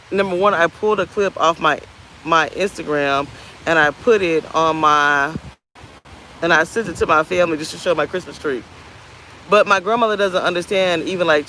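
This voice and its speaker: A woman in her thirties talking candidly to camera outdoors, rambling and animated. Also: on the low side, a little hiss or hum, low-quality recording. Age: 30s. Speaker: vlogger. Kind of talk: casual talk to camera. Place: outdoors on a beach.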